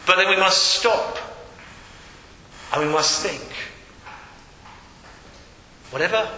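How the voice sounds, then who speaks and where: A man preaches a sermon in a high, ringing voice. He reads scripture aloud and leans on rhetorical questions. The sound carries a long hall reverb with faint ambience behind. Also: slow, long pauses, bright, forceful tone, slight background noise.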